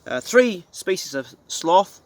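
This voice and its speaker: A man's voice: high voice, big pitch swings, takes it slowly, dry recording. A middle-aged man with a New Zealand accent, a hunting vlogger ranting casually to camera in a blunt, profane, folksy way.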